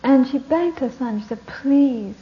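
A woman Buddhist teacher giving a talk, telling a story with lively narration that often drops to a whisper. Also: on the high side, moderate pace. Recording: dull lo-fi recording with faint hiss.

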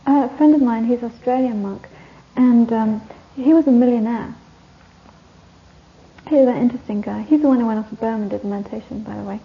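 A woman's voice: a little high, a little fast. A woman teaching a Buddhist course, giving a rambling, anecdotal dharma talk to a retreat group and laughing often. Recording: dull lo-fi recording, faint hiss.

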